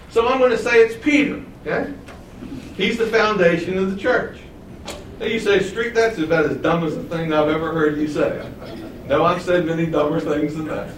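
A high-voiced man preaching a sermon in a roomy, echoing church, heard from a little way off the mic. He teaches with lively swings of pitch and volume and asks the congregation rhetorical questions. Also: distant mic, a little hiss or hum. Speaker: pastor.

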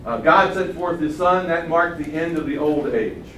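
Older man, preacher, lively sermon delivery, slightly high voice, recorded from a distance in an echoey room. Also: moderate pace. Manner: animated, swings from loud exclamations to quiet asides. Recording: roomy sound from far off the mic, faint hum.

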